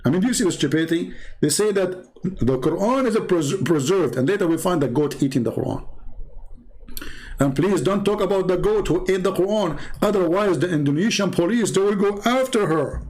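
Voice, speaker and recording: A man with a fairly high voice speaks in broken, non-native English. He delivers sarcastic commentary while reading from his screen, with thick mocking irony and abrupt swoops upward in pitch. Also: expressive, a little fast, a little mellow. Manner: mocking, with heavy irony and sudden pitch jumps. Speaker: online religious critic.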